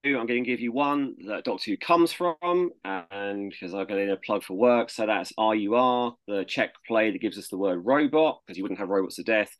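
A man's voice: mid-range voice, no echo. Wistful man, dry close sound. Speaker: podcast co-host, teacher. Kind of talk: casual book discussion.

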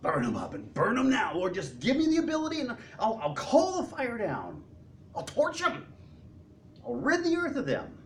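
A man's voice: high voice, quick pace, few pauses, fairly bright tone, far from the mic, a little hiss or hum, pitched above the performer's own voice. A man voicing a zealous, brash male apostle who declaims in a heated, raised voice. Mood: fiery.

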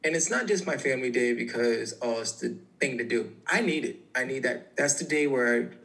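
Guest, male, 30s, gravelly mid-pitched voice, animated storyteller. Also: normal speed. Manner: animated, storytelling, lots of fillers. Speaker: mental health coach, guest. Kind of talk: casual interview talk.

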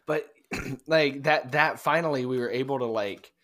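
A man co-hosting a podcast, telling a story in casual chat, rambling and halting with many fillers and restarts. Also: medium pitch, fairly bright tone, no echo. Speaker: podcast co-host.

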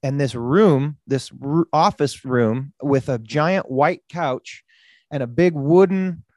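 A man hosting a podcast, telling a story with lots of swearing and loud acted-out quotes. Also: a little high, no echo. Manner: animated, swearing, acts out quotes loudly. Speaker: podcast host. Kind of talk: casual storytelling.

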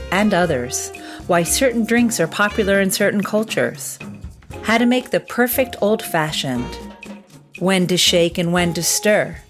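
Podcast host woman over soft music. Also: on the low side. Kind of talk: scripted podcast intro and interview.

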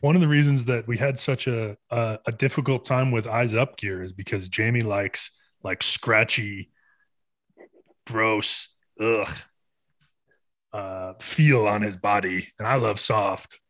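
Guy cohosting a podcast, kinda low voice, earnest and rambly, dry close sound. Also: steady tone, a little slow, a bit bright, no echo. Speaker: podcast co-host. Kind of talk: casual podcast conversation.

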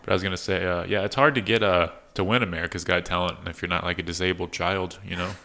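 A man with a very deep yet bright, forward tone chats quickly and casually on a podcast. He gushes about comedians with an eager, fan-like manner. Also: fairly even intonation. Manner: enthusiastic, fan-like comedy talk. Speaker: podcast co-host. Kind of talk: casual chat.

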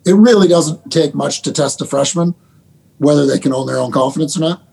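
Gravelly, husky-voiced coach telling stories. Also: male voice, fairly high pitch. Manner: animated, laughing anecdotes with quick restarts. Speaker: basketball head coach. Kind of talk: storytelling guest in a casual interview.

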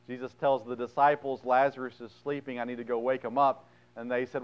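A man preaching a sermon, reading scripture aloud and then retelling it bluntly in plain words, with sudden swings between loud emphasis and quiet asides. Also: medium pitch, a little fast, muffled recording. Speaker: pastor.

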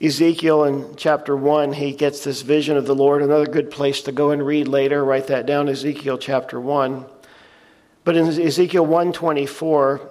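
A man's voice: a little high, darkish tone. A man preaching a sermon, earnestly reading scripture aloud and explaining it plainly. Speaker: pastor. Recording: long reverb of a large hall.

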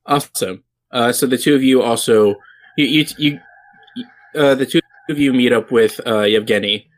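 A man narrating as game master in a casual tabletop game, halting and full of fillers and restarts. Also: medium pitch.

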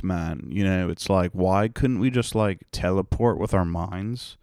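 A man's voice: sits low, a little slow, a little mellow, dry recording, clean studio sound. A young man hosting a podcast, rambling and ranting in a profane, sarcastic way. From Rhode Island, United States. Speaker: podcast host. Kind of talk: casual solo podcast rant.

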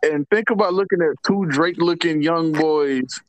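An animated man hosting a podcast, always joking. His voice sits a little high. It is recorded dry and close, with no room sound. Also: normal speed, no echo. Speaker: podcast host. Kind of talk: casual podcast chat.

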